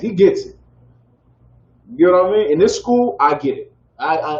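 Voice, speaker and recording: A man teaching a scripture lesson to a group in a preaching style, drawing call-and-response from the room. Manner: call-and-response, keeps asking "y'all with me?". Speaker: teacher leading a scripture class. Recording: roomy, dull low-fi audio with faint background noise.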